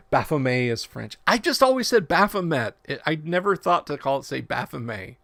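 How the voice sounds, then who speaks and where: Gravelly man reading rules on a livestream. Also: a little high, very animated, normal speed, fairly bright tone, no echo. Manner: reads rule text aloud with asides and self-corrections. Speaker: livestream host. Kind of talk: casual livestream reading and commentary.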